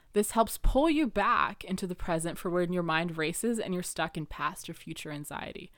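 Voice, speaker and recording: A woman's voice: fairly low pitch, moderate pace, few pauses, dry recording, studio quality. A young woman hosting her own show, talking earnestly and personally in a rambling way, laughing now and then and using lots of fillers. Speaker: podcast host. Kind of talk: personal reflective monologue.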